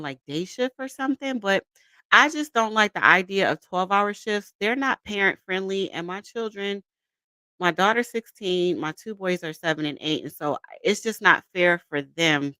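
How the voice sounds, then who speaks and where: A woman in her thirties chats casually on a livestream, greeting viewers and laughing easily. Her pitch leaps around a lot, and her tone is bright and forceful. She is close on a dry mic. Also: no echo. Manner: animated, greets chat by name, laughs often. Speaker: livestream host.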